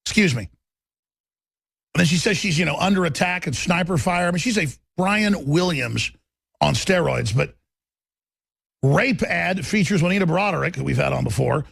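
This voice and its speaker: A man's voice: fairly high pitch, expressive, normal speed, creaky, long pauses, fairly bright tone, slightly rough, no echo, clean studio sound. A man hosting a talk radio show, delivering a combative, emphatic monologue.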